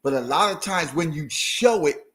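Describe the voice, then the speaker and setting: A man co-hosting a marriage talk show, agreeing easily and giving calm, encouraging advice. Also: on the high side, normal speed. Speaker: marriage podcast co-host. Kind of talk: casual chat.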